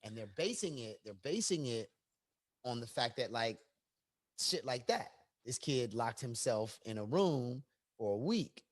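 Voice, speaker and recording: A Chicago man in casual podcast chat, his pitch swinging widely as he argues. He is blunt and profane, and he climbs close to a shout when he gets worked up. He sounds like a regular co-host laying out his view to friends. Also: a little slow. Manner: animated, profane, rising to near-shouts when riled up.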